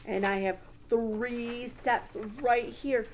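Female early-childhood teacher, slow deliberate delivery, bright higher voice, faint room hum behind. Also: steady tone. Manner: slow, sing-song, exaggerated teacher voice for little kids. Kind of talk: social-emotional lesson for young children.

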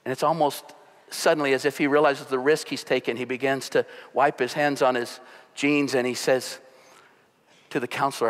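A man preaching a sermon as pastor, telling stories with animated delivery. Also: medium pitch, moderate pace. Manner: storytelling, animated. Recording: long hall reverb.

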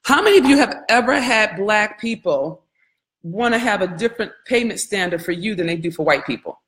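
A woman business coach giving a live training, candid and animated, swearing freely and calling her audience y'all. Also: mid-range voice, fairly quick, reverberant.

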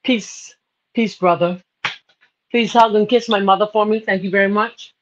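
A Bahamian woman hosts a live cooking show in a mid-range, steady voice at normal speed, chatting casually and laughing. She grows emotional, even tearful, and drops in spiritual asides. The audio is slightly dull with faint noise.

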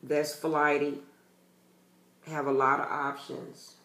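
A man's voice: fairly high pitch, flat delivery, slow pace, bright, forceful tone, reverberant, a little hiss or hum. A man giving a casual tarot reading to his channel's viewers, talking bluntly and emphatically and swearing freely. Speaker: tarot reader.

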